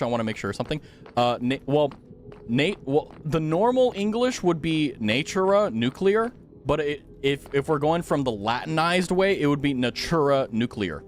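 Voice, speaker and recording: A young man streaming a game, chatting casually and playfully with his viewers. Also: mid-range voice. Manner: playful, chatty, talks to chat. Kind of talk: casual gaming commentary.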